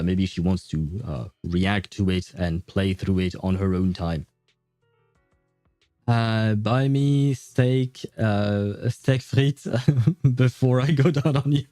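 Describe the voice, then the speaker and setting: A man's voice: lowish voice, warm tone, no echo. A man from France with a French accent, chatting casually to his viewers while streaming a game, rambling, laughing often and stumbling over words. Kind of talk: casual live-stream chat.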